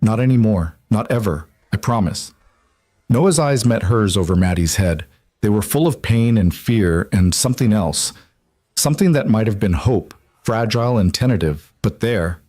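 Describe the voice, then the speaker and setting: A man giving scripted narration of a story in an even, measured way. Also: on the low side, no echo, clean studio sound.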